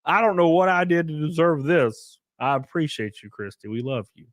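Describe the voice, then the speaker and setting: A man hosting a casual live stream, joking crudely and thanking viewers by name, jumping from loud outbursts to quiet muttering. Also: fairly high pitch, animated, normal speed, no echo, clean studio sound. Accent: Southern American. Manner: crude, joking, reads and thanks super chats aloud. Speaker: livestream host.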